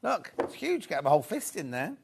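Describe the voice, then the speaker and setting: A man's voice: fairly high pitch, wildly swooping pitch, brisk, vocal fry, a little hiss or hum. A man hosting a live shopping show, chatting casually, joking with the crew and reading out viewer messages. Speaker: shopping channel host.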